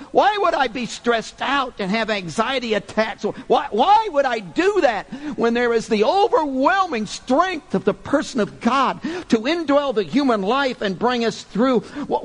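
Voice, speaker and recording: A very high-pitched man preaches a sermon, hammering his points with rhetorical questions. He swings between loud, emphatic bursts and quiet, hushed lines.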